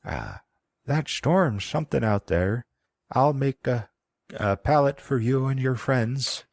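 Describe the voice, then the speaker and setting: A man's voice: medium pitch, lively intonation, slow pace, creaky, no echo, clean studio sound, voice pushed up, heavily acted. A man putting on a rambling old grandmother. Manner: doddering, wandering speech with a put-on Irish-Scottish twang. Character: rambling old grandmother living alone in the woods.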